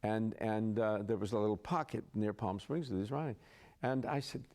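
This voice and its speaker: Low, mellow-voiced man telling stories. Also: steady tone, brisk. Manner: chatty raconteur, laughs through stories. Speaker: interview guest, actor. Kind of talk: anecdotal storytelling.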